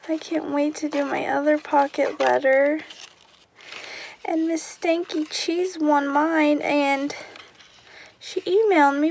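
A woman craft vlogger opening mail in a casual unboxing chat, gushing and excitable, with gasps and whispered asides. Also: high voice, a little hiss or hum.

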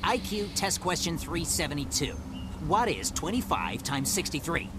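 An excitable gnomish lab scientist. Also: male voice, fairly high pitch, background noise. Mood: clinical. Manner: brisk and clinical, with bursts of delight. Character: eager small gnomish scientist, excitable and condescending.

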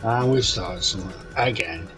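A man's voice: deep voice, normal speed, music in the background, low-quality recording. Chatty man, jokey and swearing. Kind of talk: casual gaming chat.

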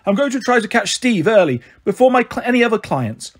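A man reading a storybook aloud and voicing a flamboyant, impulsive young mother who talks in a gushing, dramatic way, with a husky voice. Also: high voice, big pitch swings, fairly quick, voice pushed up. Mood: gushing, pleading.

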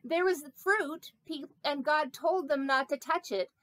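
A woman's voice: high voice, measured pace, a bit bright, dry recording. A woman voicing a vain, chatty, silly snake puppet in a children's sermon, talking playfully with rambling asides. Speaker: pastor.

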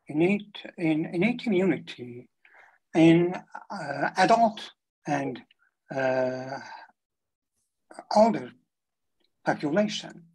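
A woman in the audience asking a question in a webinar, halting and polite. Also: low voice, a little mellow, slightly rough, poor audio. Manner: halting, polite, repeats thanks.

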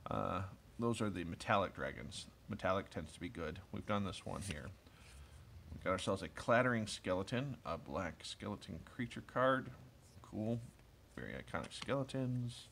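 Chatty low-voiced man in his thirties. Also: expressive, normal speed, gravelly, fairly bright tone, slight background noise. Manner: chatty and enthusiastic, with many fillers and asides. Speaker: card collector opening packs. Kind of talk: casual rambling commentary while opening cards.

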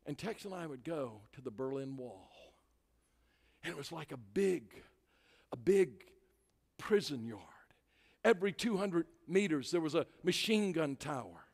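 An older man preaching as a guest speaker, telling a story with animated delivery that rises to shouts. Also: a little high, unhurried, gravelly. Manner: animated, rising to shouts at climaxes. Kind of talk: sermon storytelling. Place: church sanctuary. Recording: long reverb of a large hall.

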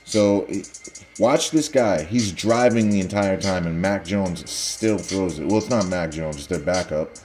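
A young man casually breaking down football highlights for viewers, analytical and sarcastic, talking straight to the audience. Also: unhurried, a little mellow, faint music behind. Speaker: football video commentator.

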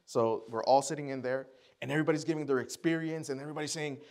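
A man's voice: on the high side, quick pace. A man giving a personal testimony sermon to a church congregation. He talks conversationally and acts out his own thoughts and other people's lines. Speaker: guest speaker at church.

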